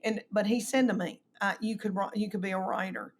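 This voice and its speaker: A middle-aged woman, telling animated stories and acting out quoted voices in a casual chat. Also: medium pitch, fairly quick. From East Tennessee, US. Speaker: comedian guest.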